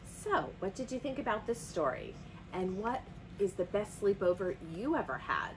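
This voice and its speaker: A woman's voice: mid-range voice, moderate pace, background noise. A woman librarian reading a picture book aloud to children and asking them questions. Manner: animated, asks the kids questions.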